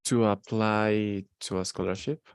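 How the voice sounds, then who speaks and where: A male student in an online English lesson who speaks slowly and hesitantly, with a low, smooth voice. The sound is close and dry. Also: fairly even intonation, no echo. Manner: hesitant, searches for words with many fillers.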